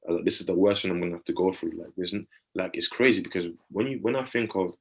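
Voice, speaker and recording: A man in his thirties with a deep, low voice tells a personal story on a casual podcast. He talks in an earnest, reflective way. He keeps asking whether the listener follows him. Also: racing, fairly bright tone. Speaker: podcast co-host.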